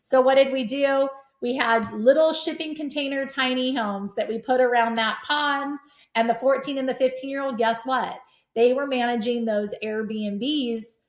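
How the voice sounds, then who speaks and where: Energetic middle-aged woman, roomy sound. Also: high-pitched, moderate pace. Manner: energetic, animated storyteller. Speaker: podcast guest, real estate investor. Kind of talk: casual conversation. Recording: roomy echo.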